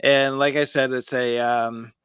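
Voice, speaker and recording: A man's voice: mid-range voice, flat delivery, unhurried, fairly bright tone, smooth, no room sound. Man explaining a trick, dry sound. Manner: explains step by step, counting aloud. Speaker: podcast co-host. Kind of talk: casual chat about magic tricks.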